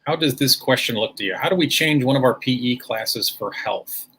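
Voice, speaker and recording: Guy running a school course stream, bright husky voice, kinda formal and upbeat. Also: medium pitch, moderate pace. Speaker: school administrator hosting a livestream. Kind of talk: presentation with audience questions.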